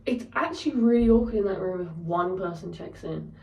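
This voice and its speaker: A young woman tells a story in a candid, sweary rant, her voice sitting at a middle pitch. She sounds a little set back from the mic, in a room with a noticeable echo. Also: lively intonation, brisk, vocal fry, darkish tone, far from the mic, highs cut off. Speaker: vlogger. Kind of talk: casual storytelling.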